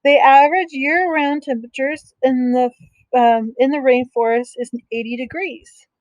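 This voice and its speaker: A middle-aged woman teacher reading a picture book aloud to young students, explaining slowly with simple asides. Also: high-pitched, steady tone, a little mellow, dry recording, lo-fi sound.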